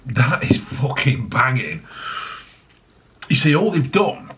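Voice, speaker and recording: A man's voice: mid-range voice, big pitch swings, slow, fairly bright tone. A middle-aged man, rambling and swearing at his desk while reviewing drinks. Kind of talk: casual review vlog. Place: home desk.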